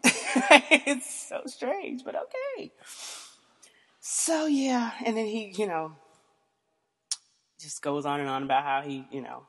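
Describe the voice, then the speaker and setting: A low-pitched woman talks straight into the mic in a frank, profane storytelling monologue. She leans on filler words and speaks with blunt candor. Her voice carries a long reverberant tail from the room. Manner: blunt, profane, frequent "you know" fillers. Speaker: podcast host. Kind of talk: candid casual storytelling monologue.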